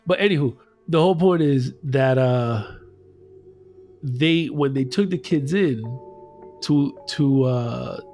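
A man's voice: mid-range voice, slow pace, darkish tone, soft background music. A man retelling a story in casual chat, loose and profane, acting out the voices.

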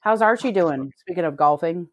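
A woman's voice: on the low side, expressive, normal speed, no echo. A woman co-hosting a podcast, chatting casually and telling stories full of swearing and laughter. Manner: swearing storyteller, laughs often. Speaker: podcast co-host. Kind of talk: casual chat.

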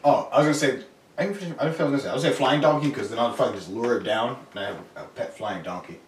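A man's voice: medium pitch, very fast. A man in a casual chat with friends, joking crudely and laughing a lot. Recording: echoey room, from far off, faint hiss.

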